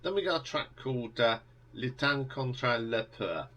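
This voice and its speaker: A man's voice: mid-range voice, expressive, a little slow, a bit bright, muffled recording. A man talking casually as he ranks a band's albums, rambling with many ums and restarts, enthusiastic. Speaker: music reviewer. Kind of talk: casual album review monologue.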